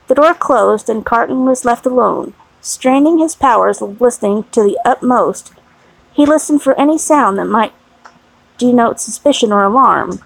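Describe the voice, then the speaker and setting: A woman narrating a classic novel in a measured, even reading style with a slightly gravelly voice. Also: a little high, no echo, low-quality recording. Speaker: audiobook narrator.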